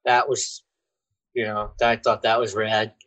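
A man's voice: on the low side, little pitch movement, unhurried, fairly bright tone, low-quality recording. A man guesting on a podcast in casual chat, loose and profane, often laughing as he talks.

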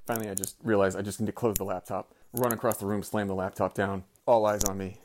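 Brief: a man in his thirties, low voice, tells a story with lively acted-out quotes. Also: fast talker, slight background noise. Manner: animated, swears, acts out quotes. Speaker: former teacher sending in a story. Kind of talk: casual storytelling.

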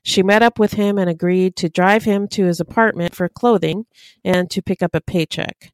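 A woman co-hosting a true-crime podcast, reading case notes in a steady, matter-of-fact way. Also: on the low side, normal speed, no echo, studio quality. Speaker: podcast co-host.

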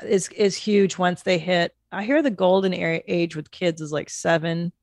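A middle-aged woman co-hosting a podcast, chatting casually with lots of swearing and animated storytelling. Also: fairly low pitch, moderate pace, dry recording. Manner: profane, animated storytelling with mimicked voices. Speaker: podcast co-host.

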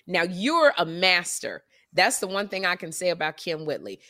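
Woman co-host, lively storyteller, bright tone, pitch swinging widely. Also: normal speed. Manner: animated storyteller, mimics accents. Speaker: podcast co-host. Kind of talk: casual chat.

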